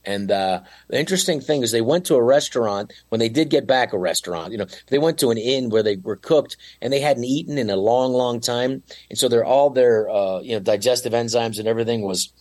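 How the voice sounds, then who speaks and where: A man's voice: mid-range voice, fairly quick, hardly any pauses, darkish tone. A middle-aged man chatting as a podcast guest, rambling with lots of "you know" and restarts. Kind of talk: casual chat.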